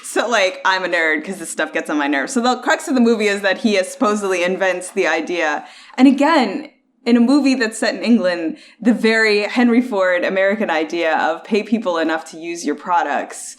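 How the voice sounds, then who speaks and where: A woman's voice: mid-range voice, brisk. A woman co-hosting a podcast in casual chat, opinionated and full of "like" fillers. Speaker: podcast co-host.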